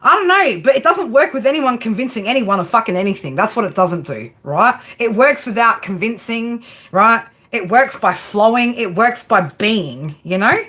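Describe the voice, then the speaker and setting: A woman's voice: a little high, lively intonation, moderate pace, few pauses, a bit bright. A woman giving live tarot readings, chatting casually and profanely with viewers and laughing often. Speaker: tarot reader.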